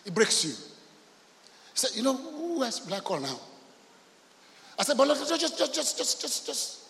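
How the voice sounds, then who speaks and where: High-voiced preacher in a reverberant hall. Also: male voice, big pitch swings, moderate pace, gravelly. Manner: storytelling, acts out quoted voices, swings from soft to shouting. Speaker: pastor. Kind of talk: sermon.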